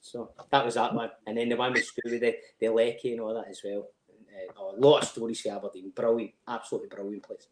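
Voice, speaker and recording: A man's voice: medium pitch, fast talker, reverberant, slight background noise. A middle-aged Scottish man telling stories in a podcast chat, laughing a lot and swearing freely. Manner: animated storyteller, laughs often, swears freely. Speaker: podcast guest. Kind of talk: casual chat.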